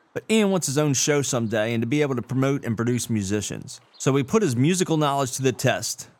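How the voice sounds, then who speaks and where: A man hosting a show, reading a scripted introduction in a dry, sarcastic way. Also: mid-range voice. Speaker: show host.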